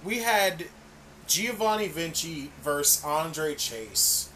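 A man's voice: on the high side, big pitch swings, takes it slowly, sharp tone, slight background noise. A man co-hosting a casual wrestling podcast, swearing freely and laughing often. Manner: profane, enthusiastic, laughs often. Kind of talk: casual chat.

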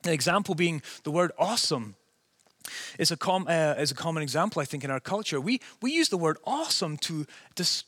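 Earnest preacher, male, faded Scottish accent mixed with American, fairly high voice, dry close sound. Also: lively intonation, fairly quick, fairly bright tone, breathy edge, no echo. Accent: softened Scottish, partly American. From Scotland. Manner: earnest, asks the listeners rhetorical questions. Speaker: pastor. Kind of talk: conversational sermon.

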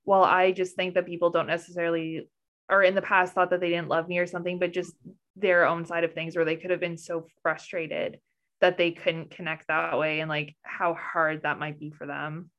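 A woman's voice: on the low side, flat delivery, normal speed, muffled recording. Earnest, reflective woman podcaster. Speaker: podcast host guest. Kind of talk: casual conversation.

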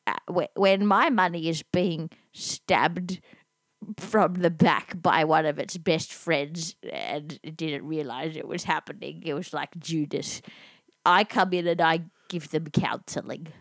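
Playful woman, low and dry. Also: slow, creaky, no room sound. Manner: playful, mock-dramatic. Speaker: podcast co-host. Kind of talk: improvised comedic banter.

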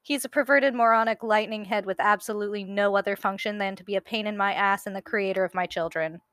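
A woman's voice: medium pitch, steady tone, fairly bright tone, clear, resonant tone, no room sound, clean studio sound, close to an everyday voice. A woman voicing Hera as a furious goddess wife spitting insults at her husband. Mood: scornful. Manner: biting insults, quick.

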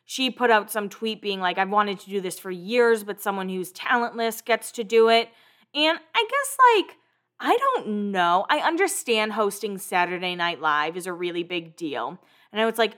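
A young woman hosts a pop culture podcast, chatting casually and animatedly about celebrity gossip and letting the odd swear word slip. Her voice is medium-pitched with a fairly bright tone.

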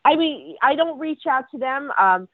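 A woman's voice: sits high, lively intonation, moderate pace, no room sound. A woman working as a medium, telling her experiences in a casual interview, rambling and restarting her words often. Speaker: medium, guest. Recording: tinny phone-line sound.

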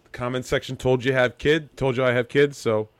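A man's voice: medium pitch, fairly even intonation, a little fast, clean tone, dry recording. A man with a New York accent hosting a casual podcast over a video call, joking around, swearing freely and laughing at his own slips. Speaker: stand-in podcast host.

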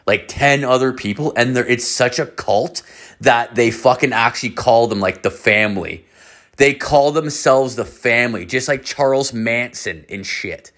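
At medium pitch and normal speed, a young podcast host tells a story during a casual conversation. His delivery is animated and rambling, and he swears a lot.

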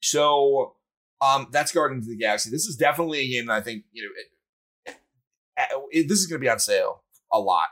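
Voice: mid-range voice, a little fast, fairly bright tone, rough recording. A podcast co-host chatting casually about video games over a remote call, rambling with many fillers. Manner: rambling, lots of fillers and restarts. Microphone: remote call over Discord.

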